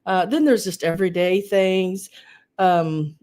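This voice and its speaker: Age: adult. Sex: woman. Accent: Southern US. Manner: chatty, rambling. Pitch: lowish. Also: unhurried, a little mellow. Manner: rambling and chatty, greets viewers by name. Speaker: host of a live vintage sale stream. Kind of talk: casual livestream chat.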